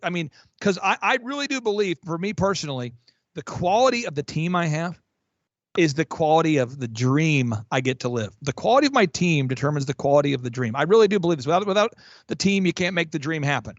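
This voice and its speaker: A man working as a business coach, talking in an energetic, emphatic way with frequent restarts on a podcast. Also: a little high, no echo, lo-fi sound. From Oklahoma. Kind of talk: fast promotional podcast talk.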